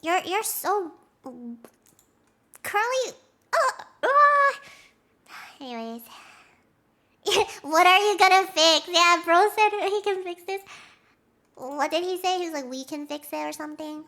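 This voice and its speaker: A young woman streamer chatting with her viewers, rambling excitedly, acting out quotes and laughing often. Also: very high-pitched, a little slow, pauses often. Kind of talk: casual chat with stream viewers.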